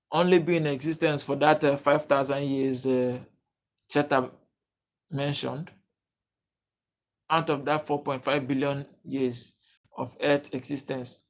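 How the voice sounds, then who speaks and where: Nigerian male stream host, casual and talkative, fairly high voice, keeps welcoming chat. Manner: chatty, greets viewers by name, reads chat aloud. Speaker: livestream host.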